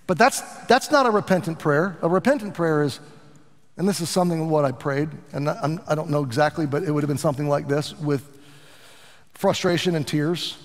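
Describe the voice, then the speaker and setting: A middle-aged pastor preaching a sermon in an earnest, animated way, with asides to his congregation. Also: on the high side, fairly quick, big-room sound.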